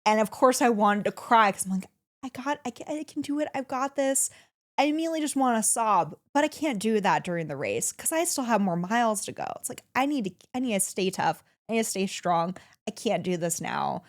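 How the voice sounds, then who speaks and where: A woman co-hosting a casual podcast, telling a story with excitement and laughing often. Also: medium pitch, brisk, few pauses. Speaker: podcast co-host.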